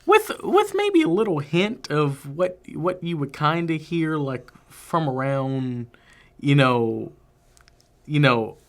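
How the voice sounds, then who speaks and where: Man, podcast co-host, lively swooping pitch, unhurried, opinionated film chat. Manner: animated, opinionated, drawn-out emphasis. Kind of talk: casual movie review chat.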